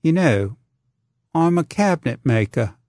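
A man's voice: on the high side, very animated, unhurried, darkish tone, dry recording, studio quality, pitched above the performer's own voice. A man voicing a blunt, uneasy male craftsman who presses with questions in a storybook reading. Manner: insistent, questioning.

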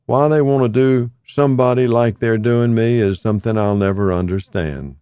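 In an unhurried, mournful audiobook-memoir style, a narrator voices a frail, confused old man, pitching noticeably higher than his own everyday voice and emphatically repeating words in plain, folksy speech. The older-sounding read is close, dry and mellow, with no echo or room around it.

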